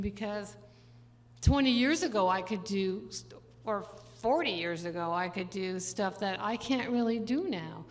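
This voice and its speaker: An older woman musician chatting with her audience between songs at a concert, rambling through anecdotes with quick laughs. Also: medium pitch. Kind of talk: stage banter between songs. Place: large church venue. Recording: live concert hall with long reverb and instrument.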